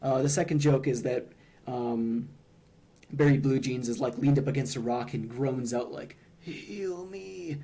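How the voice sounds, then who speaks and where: A man's voice: mid-range voice, steady tone, normal speed, a crowd in the background. A young man streaming, casually analyzing game humor in a hesitant way, with frequent ums and restarts.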